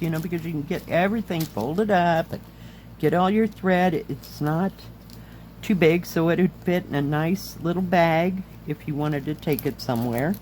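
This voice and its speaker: A middle-aged woman, slightly hoarse, chatting casually as she reviews craft kits and handles them on camera. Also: deep voice, darkish tone, slight background noise. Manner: chatty, enthusiastic, talks while handling items. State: slightly hoarse, losing her voice. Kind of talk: casual chat.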